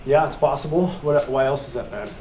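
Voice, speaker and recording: A man teaching a classroom of real estate agents, animated and joking, putting questions to the room and acting out what people say. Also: medium pitch, a little fast, over a noisy crowd, rough recording. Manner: animated, joking, acts out quoted lines.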